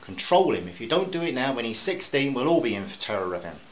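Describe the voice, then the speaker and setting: A man doing a furious sharp-tongued mother. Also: medium pitch, big pitch swings, quick pace, dull audio, a little hiss or hum, lightly acted. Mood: angry. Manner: snapping, raised voice.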